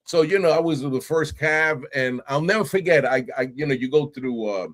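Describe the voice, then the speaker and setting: A middle-aged man from New York, a podcast guest telling his stories in casual, animated talk, often laughing and acting out voices. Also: fairly high pitch, normal speed. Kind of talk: casual interview storytelling.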